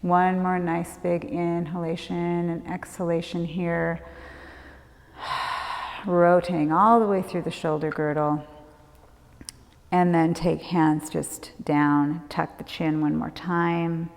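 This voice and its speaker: A woman leading a prenatal yoga class, giving calm, gentle movement and breath cues. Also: lowish voice, takes it slowly, vocal fry. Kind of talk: guided yoga class instruction. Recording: long hall reverb.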